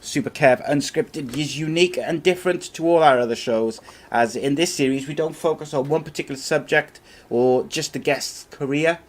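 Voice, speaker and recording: A man's voice: a little high, moderate pace. A Scottish man hosting a podcast, upbeat, reading promos and calling people mate. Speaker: podcast host. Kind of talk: podcast intro and casual chat.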